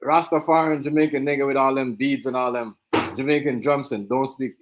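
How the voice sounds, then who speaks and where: A livestream host delivers a heated reaction rant, mocking and insulting his targets and saying the same things over and over. His medium-pitched voice is steady and a little fast, and the audio is poor.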